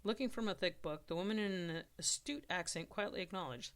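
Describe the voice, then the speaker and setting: A storyteller with a middle-pitched voice reads a rough story draft aloud, storybook style. The delivery is steady and plain, with an occasional stumble that gets quickly corrected.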